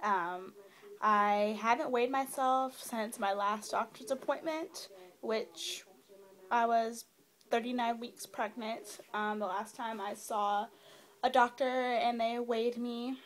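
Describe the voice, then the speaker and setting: Young woman, slightly high voice, casual chatter, lots of fillers, camera mic. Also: steady tone, slow, a bit bright. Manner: chatty, many fillers, rambling. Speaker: new mother vlogger.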